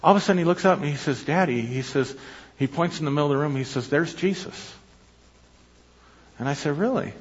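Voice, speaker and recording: Husky-voiced pastor telling a story. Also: male voice, fairly high pitch. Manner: conversational storytelling with quick asides. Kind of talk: sermon. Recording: dull lo-fi sermon recording.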